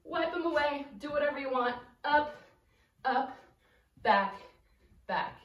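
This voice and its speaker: High-voiced woman counting dance steps. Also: expressive, slow, distant mic, lo-fi sound. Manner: cheerful, counts beats and calls out steps while dancing. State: slightly out of breath. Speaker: dance instructor. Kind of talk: dance lesson for children. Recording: echoey room, voice from afar.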